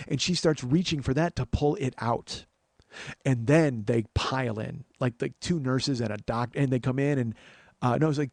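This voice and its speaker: A man's voice: mid-range voice, a little mellow, no room sound. A man hosting a podcast, telling a personal story in a profane, emphatic way with frequent restarts. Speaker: podcast host.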